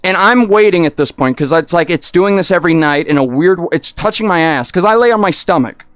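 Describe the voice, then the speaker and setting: A man chatting casually on a livestream, rambling and excitable, often restarting his sentences. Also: sits high, brisk, clear, resonant tone, no echo.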